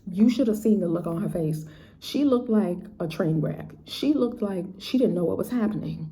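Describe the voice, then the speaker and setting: A woman's voice: on the low side, expressive, normal speed, warm tone. A woman teacher telling a classroom story in a chatty, casual way, often checking in with "right?" and "you know". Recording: roomy echo, faint background noise.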